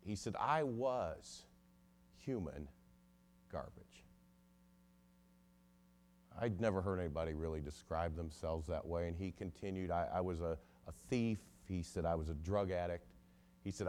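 A man with a somewhat low voice preaches a sermon as a story. He quotes the people in it as he goes, his volume surging up and then falling away to almost nothing. He sounds like a lawyer addressing a church. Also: a little hiss or hum. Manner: storytelling with sudden swells and drops in loudness.

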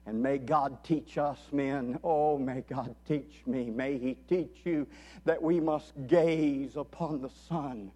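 A man preaching a sermon at a men's conference, impassioned, swinging from hushed, intimate passages to loud pleading. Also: mid-range voice, steady tone, slow. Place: conference hall.

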